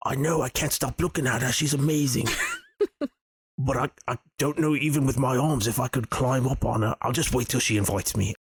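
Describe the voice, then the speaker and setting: A man's voice: mid-range voice, steady tone, fairly quick, breathy edge, no echo, studio quality. A man playing a tabletop game, explaining his moves in friendly table talk. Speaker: player. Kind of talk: tabletop role-play.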